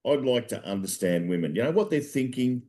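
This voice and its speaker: A man's voice: mid-range voice, a little fast, pitched above the performer's own voice, lightly acted. Man doing a raised-voice Aussie bloke, rambling and eager. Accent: Australian. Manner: rambling, excitable.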